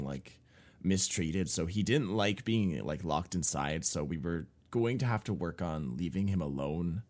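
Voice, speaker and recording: Low-voiced man telling a rambling story. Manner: rambling, filler-heavy, swears freely; gets loud and animated retelling shock. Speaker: podcast co-host. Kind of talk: casual storytelling chat.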